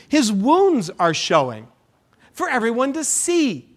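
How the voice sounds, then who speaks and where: A man preaching a sermon as pastor, with dramatic swings between hushed lines and loud, emphatic ones. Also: sits high, very animated, slow. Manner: dramatic preaching with sudden hushed drops and rises.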